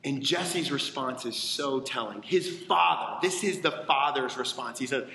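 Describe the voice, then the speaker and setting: A man preaching a sermon, telling a story with animated voices, in a church with echoey hall reverb. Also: mid-range voice, measured pace, few pauses. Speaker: pastor.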